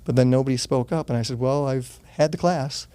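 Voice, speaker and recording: A man's voice: mid-range voice, a little fast, dark tone. Earnest older man telling a story. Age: 60s. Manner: earnest, gets choked up, swears casually. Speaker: interview guest. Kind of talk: casual storytelling in an interview.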